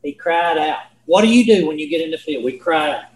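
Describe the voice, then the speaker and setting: A man's voice: a little high, expressive, brisk, reverberant, rough recording. A man teaching a Bible lesson in a folksy, earnest way, repeating himself and asking his listeners questions. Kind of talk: sermon.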